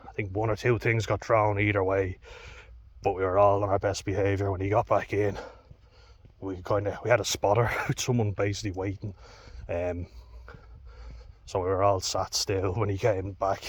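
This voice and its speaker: A man's voice: lowish voice, flat delivery, normal speed. A man telling a personal story in a blunt, candid way, swearing often. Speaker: vlogger.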